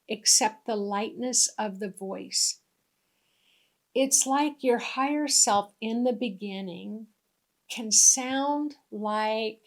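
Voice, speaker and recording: A middle-aged woman giving a gentle, unhurried spiritual teaching talk with soft asides. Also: fairly high pitch.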